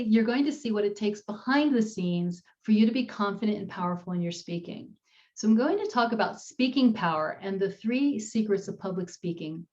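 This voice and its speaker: A woman's voice: medium pitch, darkish tone. Woman in her 50s coaching on public speaking over a video call, storytelling, kinda muffled audio. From United States. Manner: storytelling, upbeat with frequent laughs. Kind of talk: presenting a webinar talk.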